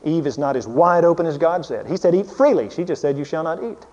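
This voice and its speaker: A man delivers a sermon in a somewhat high voice, climbing into loud, emphatic peaks and then dropping to low, hushed asides. The recording sounds muffled and lo-fi. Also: quick pace, long reverb tail. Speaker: preacher.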